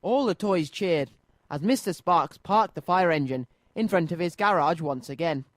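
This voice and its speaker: A man reading a children's storybook aloud on radio, lively and clear. His voice is high, and the studio sound is close and dry. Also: normal speed, no echo. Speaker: radio children's show presenter.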